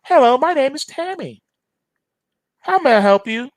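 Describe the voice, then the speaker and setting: A man's voice: very high voice, lively intonation, moderate pace, dry recording, voice pushed up. A man voicing a female AI customer service agent in a smug, scripted, politely robotic manner. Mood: prim.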